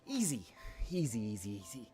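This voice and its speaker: Guy streaming from home, chatty and animated, thanks his viewers, a little winded, faint music behind. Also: mid-range voice, fairly quick. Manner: chatty, thanks viewers, counts aloud while exercising. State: out of breath after exercise. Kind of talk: casual live-stream chat. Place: indoors at home, small space.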